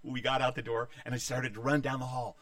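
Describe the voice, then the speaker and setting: A man telling a childhood story, animated and acting out the voices of the people in it. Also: medium pitch, fairly quick, no room sound, recorded from a distance. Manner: animated, acts out voices of others.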